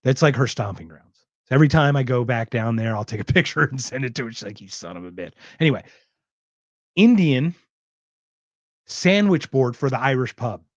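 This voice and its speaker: Animated, ranting podcast host, man. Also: mid-range voice, moderate pace, pauses often, dry recording, highs cut off. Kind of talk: casual chat.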